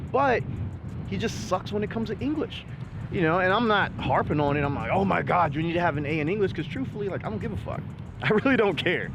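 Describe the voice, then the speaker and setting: A middle-aged man and vlog host in casual chat, talking bluntly with lots of profanity and animated emphasis. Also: high voice, noisy background.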